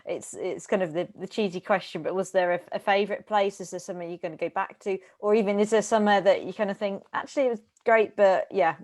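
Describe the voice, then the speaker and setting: A woman's voice: mid-range voice, steady tone, fast, few pauses, darkish tone. A woman hosting a podcast, asking friendly, casual questions and offering short backchannel replies. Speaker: podcast host.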